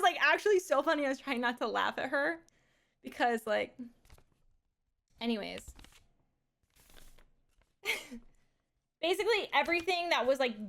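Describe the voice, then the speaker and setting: Woman, live streamer, somewhat high voice, rambling casual chat, swears and laughs a lot. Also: fairly bright tone. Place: at home.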